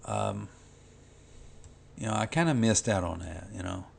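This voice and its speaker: A man's voice: fairly low pitch, expressive, a little slow, vocal fry, a little hiss or hum. A man who makes comics, talking casually and rambling while he colors, with lots of "you know" and restarts. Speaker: comic artist vlogger.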